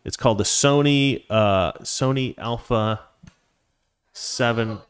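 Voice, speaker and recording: A man's voice: mid-range voice, slow pace, clean tone. A man hosting a live stream, reading viewer comments and giving opinions in a rambling, casual way with many restarts. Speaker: host.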